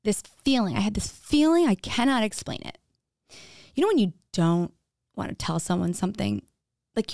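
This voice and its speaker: A woman's voice: medium pitch, dark tone, no room sound, clean studio sound. A woman telling her own story on a podcast, frank and casual, swearing freely and saying "like" often. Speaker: podcast speaker. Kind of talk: candid personal storytelling.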